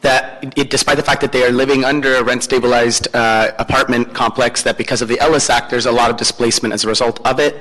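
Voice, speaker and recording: A man's voice: medium pitch, fairly even intonation, a bit bright. Guy interpreting at a city hearing, hesitant, lots of uhs, mid voice, long echo. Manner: hesitant, many filler pauses. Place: city council chamber. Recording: long echo in a council chamber.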